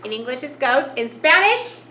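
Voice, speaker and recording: A woman's voice: sits high, very animated, moderate pace, sharp tone. A woman teaching a cheerful children's lesson, gasping with delight at each new picture. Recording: echoey room, faint noise.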